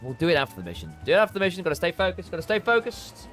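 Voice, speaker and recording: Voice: mid-range voice, huge pitch swings, rapid-fire, a bit bright, soft background music. A game streamer chatting casually while playing, thinking aloud and trailing off now and then. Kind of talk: casual live gameplay chat.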